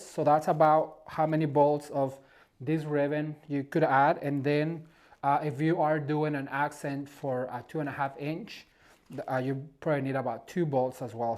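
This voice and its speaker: A man's voice: a little high, a little mellow. A man hosting a casual at-home decorating demonstration, effusive and encouraging as he works. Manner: effusive, encouraging, gushes over the materials. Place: at home beside a Christmas tree.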